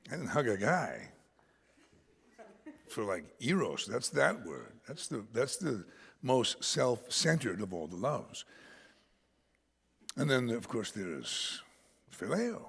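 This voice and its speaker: An American man preaching a sermon as pastor, an animated storyteller who punches out words for emphasis and jokes about himself. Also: mid-range voice, slow, gravelly, long pauses, breathy edge. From United States. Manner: animated storyteller, shouts words for emphasis, self-deprecating humor. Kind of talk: expository sermon. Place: church sanctuary. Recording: church hall reverb.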